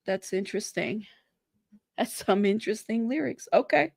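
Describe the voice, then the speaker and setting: A woman's voice: mid-range voice, lively intonation, moderate pace, creaky, no room sound, studio quality. A young adult woman hosting a casual livestream, chatting with viewers, reading their comments aloud and laughing often. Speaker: livestream host.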